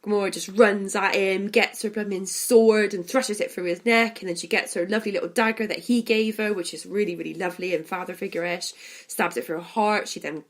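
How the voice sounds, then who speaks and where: A woman's voice: medium pitch, steady tone, a little fast, hardly any pauses. A woman, co-hosting a podcast and chatting casually about a film, retelling scenes and laughing often. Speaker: podcast co-host. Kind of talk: casual film review chat.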